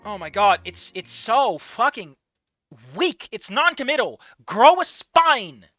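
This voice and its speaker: An exasperated reader tearing through a fan fiction and swearing at the prose. The voice is bright and forceful and leaps around in pitch, with faint music playing underneath. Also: sing-song, slow pace, no echo. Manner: exasperated, profane ranting. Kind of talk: reading fan fiction aloud with comedic commentary.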